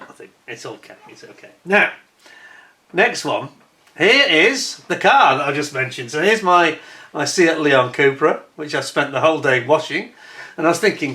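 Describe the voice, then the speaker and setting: A man chatting casually to camera, telling a personal anecdote in an animated way with frequent restarts and laughs. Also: medium pitch. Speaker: vlogger.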